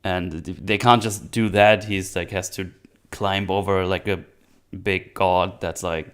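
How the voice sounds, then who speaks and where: A young man hosting a casual movie review chat, animated and mocking, often slipping into jokey character quotes. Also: low voice, measured pace, clean tone. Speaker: podcast host.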